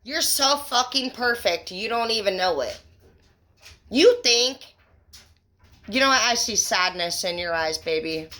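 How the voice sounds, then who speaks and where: A woman giving a tarot reading to her viewers, excitable and emphatic, swearing freely and calling the listener baby and bro. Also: medium pitch, a little slow, long pauses. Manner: excitable, profane and emphatic, gushing praise; affectionate pet names, conversational fillers. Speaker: tarot reader.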